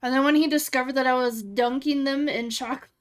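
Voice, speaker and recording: High-voiced chatty woman streamer. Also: steady tone, fast talker. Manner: chatty and rambling, with frequent "like" fillers and laughs. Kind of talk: casual chat with live chat while editing photos.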